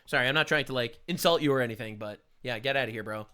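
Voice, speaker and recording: A man's voice: medium pitch, fast talker, clean tone. A man doing sarcastic, emphatic reaction commentary as a streamer. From United States. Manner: loud, sarcastic, emphatic interjections. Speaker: streamer reacting to a political video.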